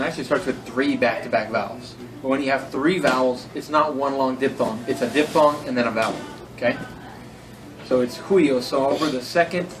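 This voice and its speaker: A man's voice: medium pitch, recorded from a distance, poor audio. A man teaching a Greek class in a casual lecture, correcting himself and spelling words out letter by letter.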